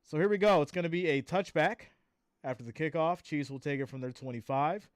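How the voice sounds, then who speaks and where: A tired man hosts a live stream, calling the plays and reading viewer comments aloud in a chatty, laughing way. His voice is fairly high and a little fast, with clean studio sound and no echo.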